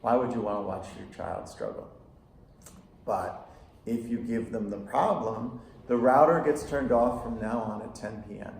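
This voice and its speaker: A middle-aged psychotherapist talks to a room of parents in a gravelly, creaky voice. He tells stories with animation and acts out the quotes. The room is echoey, with a faint hum of ambience. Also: mid-range voice, normal speed. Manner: anecdotal, animated storytelling with acted-out quotes and laughter. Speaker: psychotherapist leading a parent workshop. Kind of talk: casual workshop talk to parents. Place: school room with audience.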